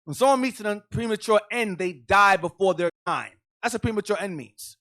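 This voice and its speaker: Emphatic high-voiced man teaching scripture. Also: brisk, pushed and bright. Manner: preachy, emphatic, calls out instructions to a reader. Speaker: deacon teaching a class. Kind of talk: Bible class teaching.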